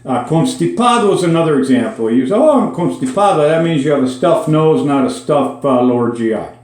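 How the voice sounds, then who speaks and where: A man from Minnesota, with the accent to match, teaches a daily Spanish word in a chatty, folksy style full of dry asides. His mid-range voice is lively in intonation, a little fast and slightly mellow. It's a casual spoken lesson recorded in an echoey room.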